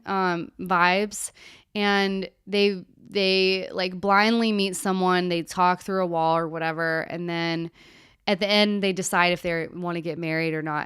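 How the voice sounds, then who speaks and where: A woman hosting a live stream as a therapist, answering viewer questions in a candid, animated way and now and then swearing casually. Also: medium pitch, clean tone, no room sound, clean studio sound.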